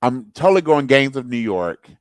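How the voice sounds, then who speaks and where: A man's voice: mid-range voice, very animated, normal speed, no echo, low-quality recording. Man thinking aloud on a casual podcast. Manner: thinks aloud, restarts, upbeat. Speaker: co-host.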